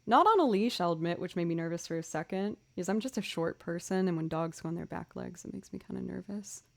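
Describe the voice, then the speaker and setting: Bubbly woman chatting on a livestream. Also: mid-range voice. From Boston area. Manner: chatty, bubbly, excited greetings to chat. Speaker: streamer and musician. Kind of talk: casual livestream chat.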